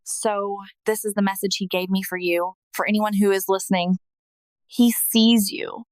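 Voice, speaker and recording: A woman narrating a scripted first-person testimony in a slow, emotional, earnest manner. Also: medium pitch, level tone, clean tone, dry recording.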